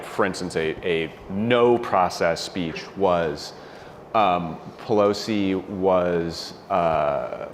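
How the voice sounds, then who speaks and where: Deep-voiced man panelist, slow and halting, faint hum behind. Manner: hesitant, measured, with many fillers. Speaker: former speechwriter on a panel. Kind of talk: panel discussion storytelling.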